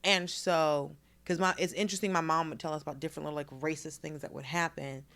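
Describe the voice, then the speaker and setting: Lively storytelling woman, low voice. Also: fast. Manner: animated storyteller, acts out quotes, swears. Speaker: guest comedian. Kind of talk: casual podcast chat.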